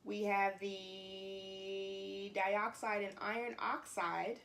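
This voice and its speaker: A woman vlogger talking casually to camera, animated and exasperated, with many restarts. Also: medium pitch, drawn-out words. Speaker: beauty vlogger. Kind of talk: casual vlog talk to camera.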